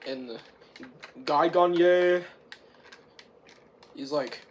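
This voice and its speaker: A reviewer with a sore throat rambling casually through a film's plot, clearing their throat again and again. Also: medium pitch, very slow, pauses often, a little hiss or hum. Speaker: film reviewer. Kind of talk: rambling casual movie recap.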